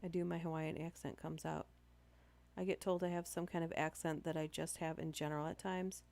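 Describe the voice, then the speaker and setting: Low-voiced Canadian woman reading stories. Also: little pitch movement, a little fast, vocal fry, a little mellow. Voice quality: nasal. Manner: reads aloud with chatty asides and small stumbles. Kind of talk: casual story reading on a live stream.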